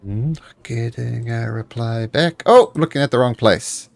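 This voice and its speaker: Gravelly-voiced man running a tabletop game. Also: medium pitch. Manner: relaxed, halting, many restarts. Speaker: game master. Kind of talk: narrating a tabletop game on stream.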